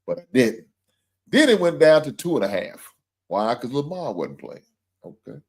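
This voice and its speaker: A man's voice: medium pitch, sing-song, normal speed, creaky, husky. A man hosting a livestream sports show, venting with profane, heated talk about his team's loss and calling out viewers directly. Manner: addresses viewers and super chat senders directly.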